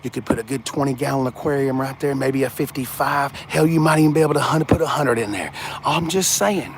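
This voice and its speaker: A man's voice: medium pitch, brisk, background noise. A man in a casual, jokey, rambling vlog, talking to his live chat while showing a truck. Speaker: car vlogger. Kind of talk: casual livestream walkaround.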